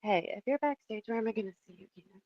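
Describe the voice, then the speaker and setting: A woman's voice: medium pitch, very fast, dry recording. Rambling woman in her thirties, lo-fi. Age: 30s. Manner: rambling and chatty, reads the chat aloud. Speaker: livestream host. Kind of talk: casual livestream chat. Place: home kitchen. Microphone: phone.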